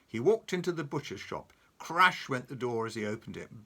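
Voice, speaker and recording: A man reading a picture book aloud to a child, animated and chuckling, pointing out the pictures. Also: mid-range voice, moderate pace, hardly any pauses.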